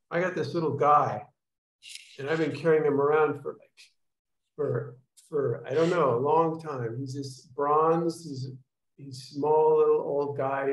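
A man speaking with a slightly high voice on a video call, heard in an echoey room. He rambles through explanations, restarting sentences and acting out little sounds to make his points. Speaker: workshop leader. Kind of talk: casual teaching to an online group.

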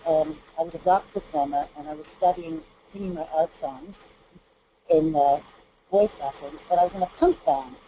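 Woman from Texas, middle-aged vocal coach, very warm dark tone, lowish voice, earnest and halting. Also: a little hiss or hum, poor audio. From Texas, USA. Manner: earnest, hesitant with frequent fillers. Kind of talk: explanatory interview talk.

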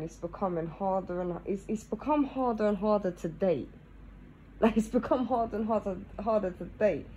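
A woman's voice: on the low side, a little mellow, a little hiss or hum, poor audio. A woman, chatting casually to camera, tagging nearly every phrase with "yeah?" and laughing between thoughts. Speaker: vlogger.

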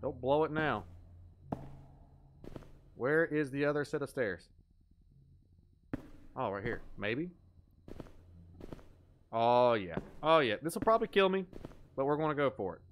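A man's voice: medium pitch, lively intonation, a little slow, pauses often, slight background noise. A young adult man giving live gameplay commentary as a streamer, goofy and joking, swearing at his mistakes.

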